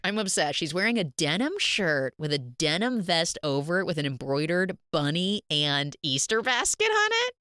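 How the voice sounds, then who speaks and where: A chatty woman host recapping a movie with lots of jokes. Her voice sits a bit low but swings widely, and it sounds dry and close to the mic. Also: normal speed, hardly any pauses, clean tone, dry recording. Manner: chatty, joking, animated storytelling. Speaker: podcast host. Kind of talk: casual film recap.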